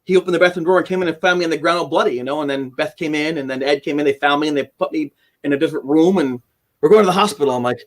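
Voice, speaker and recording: A man as a podcast guest, earnestly retelling a frightening personal story and acting out his own panicked words. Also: rapid-fire. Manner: earnest, emotional, acts out quotes with sudden high shouts.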